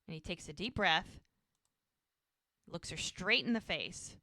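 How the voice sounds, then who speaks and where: A woman's voice: lowish voice, measured pace, pushed and bright, dry recording. A woman co-hosting a podcast, casually retelling a TV episode and acting out the characters' lines with lots of "like". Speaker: podcast co-host.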